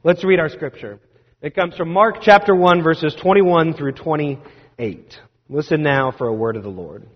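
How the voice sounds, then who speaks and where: Male pastor, sermon storytelling, slightly high voice, long church reverb, dull sound. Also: a little slow. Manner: animated, self-deprecating storyteller.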